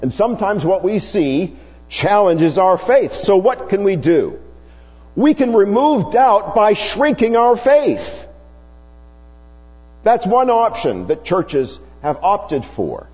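A husky-voiced male preacher delivers a sermon at an unhurried pace, his pitch swinging widely for emphasis. The sound is dull and lo-fi, with a faint mains hum beneath it. A long reverb trails each phrase through the hall. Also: very animated, soft background music.

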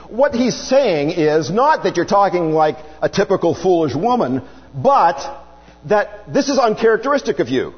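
Male preacher, earnest sermon delivery, animated pitch, long hall reverb. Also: normal speed, muffled recording. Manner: earnest, explanatory, rhetorical questions. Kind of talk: sermon teaching on scripture.

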